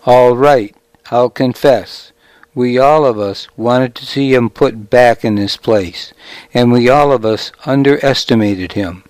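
A man narrating a novel in a measured, deliberate storytelling manner. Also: medium pitch, darkish tone, no room sound, rough recording. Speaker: audiobook narrator. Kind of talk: scripted narration.

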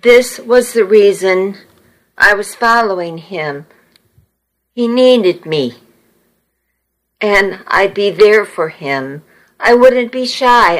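Woman reading an audiobook in first person, slow and earnest, mid pitch. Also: fairly bright tone. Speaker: audiobook narrator. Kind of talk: first-person scripted narration.

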